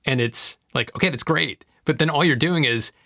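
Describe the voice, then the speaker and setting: Man, bright crisp voice, dry close sound, opinionated podcast co-host. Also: on the high side, moderate pace, no echo. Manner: emphatic, opinionated. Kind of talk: casual tech chat.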